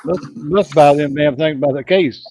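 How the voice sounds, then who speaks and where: A man's voice: on the high side, normal speed, a little mellow, no echo. A man joking and ribbing his friends in casual chat.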